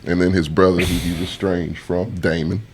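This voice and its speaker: A man's voice: low-pitched, level tone, moderate pace, slight background noise. A man co-hosting a podcast, chatting casually and swearing freely while he laughs easily. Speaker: podcast co-host. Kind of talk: casual chat.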